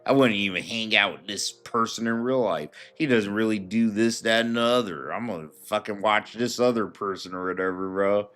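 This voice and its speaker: Man, streamer commentary, casual profane rant, bright forceful tone, rambling. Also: lowish voice.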